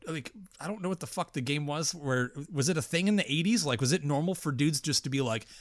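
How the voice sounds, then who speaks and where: A man's voice: fairly high pitch, fast talker, no room sound, clean studio sound. A man co-hosting a casual horror movie podcast, rambling and swearing as he talks. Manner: profane, rambling, animated. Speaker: podcast co-host. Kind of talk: casual film discussion.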